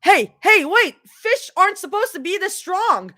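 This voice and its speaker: A woman's voice: medium pitch, a little slow, no room sound, studio quality, lightly acted. A woman voicing a young female adventurer who makes sarcastic, gamer-minded remarks and talks herself through trouble. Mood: panicked. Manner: wry, sarcastic, self-talking.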